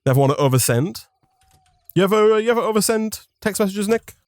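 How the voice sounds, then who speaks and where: A man's voice: high voice, lively intonation, quick pace, a little mellow, dry recording. Dry-witted man explaining game mechanics. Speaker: co-host of a gaming channel. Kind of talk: casual gameplay chat.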